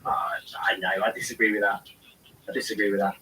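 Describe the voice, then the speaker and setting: A man's voice: lowish voice, flat delivery, quick pace, pushed and bright, distant mic, a little hiss or hum, rough recording. Man reading chat at a watchalong. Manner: reads viewer comments aloud and answers them. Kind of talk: casual live commentary.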